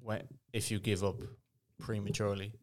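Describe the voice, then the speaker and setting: A man's voice: fairly low pitch, flat delivery, normal speed. A young man with an Irish accent, co-hosting a podcast in casual, joking chat and swearing freely. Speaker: podcast co-host.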